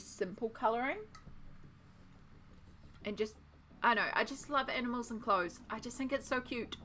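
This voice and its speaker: A woman's voice: a little high, normal speed, long pauses, fairly bright tone. A woman chatting casually and playfully while she paints on a live stream. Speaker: art streamer.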